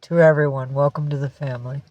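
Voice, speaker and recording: A woman's voice: low-pitched, fairly even intonation, quick pace, a little mellow, dull audio. A woman livestreaming in casual chat, teary and emotional, slipping into baby talk with her cat. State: tearful.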